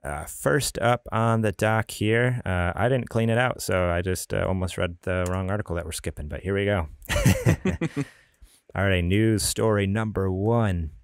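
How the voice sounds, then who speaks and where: A man's voice: on the low side, lively intonation, normal speed, no echo, clean studio sound. A man hosting a casual gaming podcast, chatty and rambling, often laughing. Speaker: podcast host.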